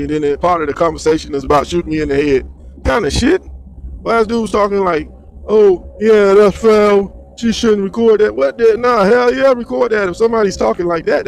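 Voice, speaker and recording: A man's voice: high-pitched, vocal fry, a little hiss or hum. A man giving slangy, rambling solo commentary on the news.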